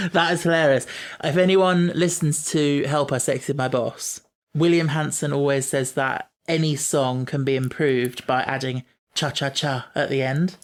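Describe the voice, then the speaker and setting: Chatty podcast host. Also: male voice, on the high side, fairly even intonation. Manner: chatty, eager, quick to laugh. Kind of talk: casual podcast chat.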